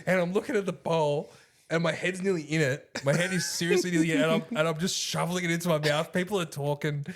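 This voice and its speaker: A man's voice: a little high, steady tone, quick pace. Rowdy, laughing man telling stories. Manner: rowdy, laughing, swears freely, acts out other people's lines. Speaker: podcast co-host. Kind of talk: casual storytelling chat.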